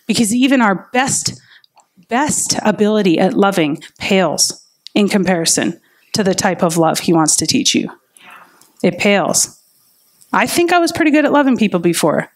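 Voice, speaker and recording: A woman's voice: a little high, moderate pace. A woman preaching a sermon in an earnest, personal way, telling stories of her own faith. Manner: earnest and personal, with lively retold inner dialogue.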